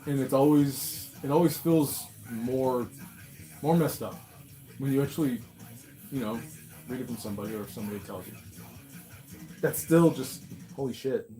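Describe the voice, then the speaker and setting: A man hosting a story show, reacting in a casual monologue full of swearing and laughter. He drops into low mutters and then bursts out loud and high. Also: normal speed, long pauses, soft background music, low-quality recording. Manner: swears constantly, laughs, jumps from mumbling to loud outbursts. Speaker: host reacting to reddit stories.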